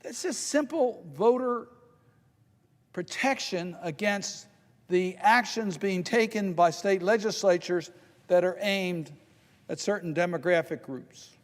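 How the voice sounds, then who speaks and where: An older man from Maryland giving a measured, emphatic Senate floor speech, slowing down to stress key points. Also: sits high, in a large hall. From Maryland, United States. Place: large legislative chamber.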